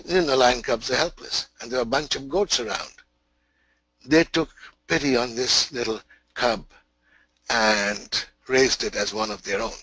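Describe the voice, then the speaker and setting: Male spiritual teacher, webinar storytelling, emphatic, repeats himself, slow and bright, dry close sound. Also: mid-range voice, no echo, low-quality recording. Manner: emphatic, repetitive, many restarts.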